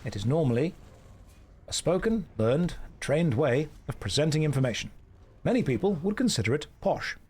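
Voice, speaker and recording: A streamer speaks in a crisp British received pronunciation accent, his voice sitting a little higher than most men's. He chats casually while playing, delivering jokes in a dry, deadpan way. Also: moderate pace.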